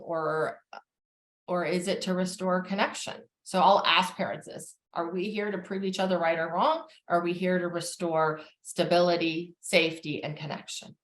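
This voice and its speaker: A woman therapist giving a calm, measured educational talk on family relationships, with frequent fillers. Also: fairly low pitch, echoey room.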